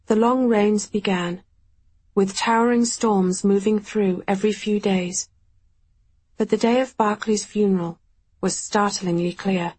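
Slow, breathy woman reading an audiobook. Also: medium pitch, steady tone. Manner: quiet, measured, reflective. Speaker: audiobook narrator. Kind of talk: first-person audiobook narration.

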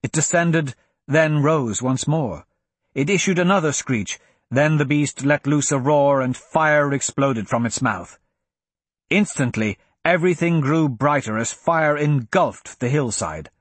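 A man narrating a fantasy audiobook in an expressive storytelling manner. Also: on the high side, a little slow, breathy edge, no room sound.

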